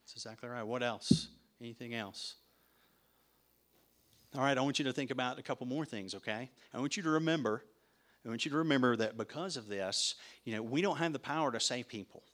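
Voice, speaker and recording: A man's voice: mid-range voice, a little fast, a bit bright. A man preaching a sermon in a conversational way, asking his listeners questions and repeating words as he starts his sentences. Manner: conversational, asks the audience questions. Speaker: pastor. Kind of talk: interactive sermon teaching.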